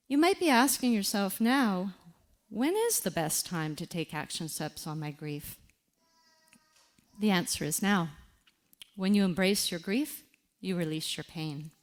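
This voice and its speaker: A woman giving a reflective talk on grief, speaking deliberately and guiding listeners through a quiet exercise with pauses. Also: medium pitch. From Canada.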